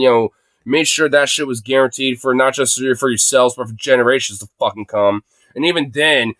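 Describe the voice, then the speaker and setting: A man in his late twenties rants angrily into his phone, swearing constantly and leaning on filler words. His voice sits at a mid pitch. The sound is close and dry, with no room echo. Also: a bit bright. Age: late 20s. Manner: profane, heavy fillers like "you know" and "dude". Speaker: livestreamer. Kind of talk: angry ranting monologue.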